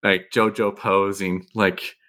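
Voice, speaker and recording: A man's voice: deep voice, level tone, takes it slowly, sharp tone. A man playing a tabletop game, talking in a brash, joking way about what his character does. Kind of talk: casual game chat.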